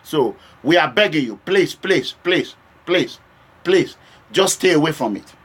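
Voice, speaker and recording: A man's voice: a little high, expressive, measured pace, husky. A Nigerian man from Edo State speaking straight to his viewers in an impassioned political address that moves between warnings and pleading. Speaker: political vlogger. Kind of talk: direct-to-camera political address.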